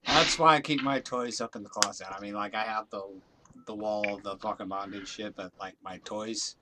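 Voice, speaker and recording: A man in casual, crude chat, blunt and quick with his comments. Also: lowish voice, fairly even intonation, far from the mic. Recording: noisy background.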